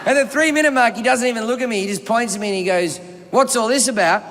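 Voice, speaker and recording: A man's voice: very high-pitched, animated, very fast, noisy background. An Australian man doing live stand-up comedy, telling a rambling, profane story and acting out the people in it. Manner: profane, rambling anecdote with acted-out quotes. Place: comedy stage before a live audience. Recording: reverberant live venue with loud ambience.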